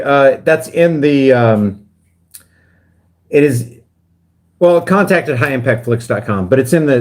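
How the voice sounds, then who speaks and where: A man's voice: on the high side, darkish tone. A man talking casually on a livestream, rambling and getting heated. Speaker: guest livestreamer.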